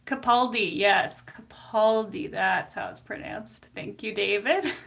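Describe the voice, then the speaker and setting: A woman's voice: mid-range voice, slow pace, vocal fry, fairly bright tone. A woman therapist chatting casually on a live stream, giggly and full of fillers. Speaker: psychotherapist.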